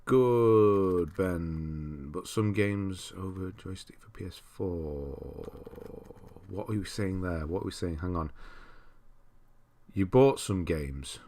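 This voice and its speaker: A man's voice: deep voice, slow pace, warm tone. A man from Britain hosting a casual livestream, chatting and greeting viewers by name. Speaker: livestream host. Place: cold room at home.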